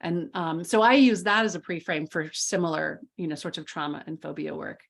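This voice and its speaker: A woman's voice: low voice, fairly quick, creaky. A woman hosting a casual group discussion on a video call, chatty, with frequent fillers and easy laughter. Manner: chatty, laughs often, many "like" and "you know" fillers. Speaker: mastermind group host.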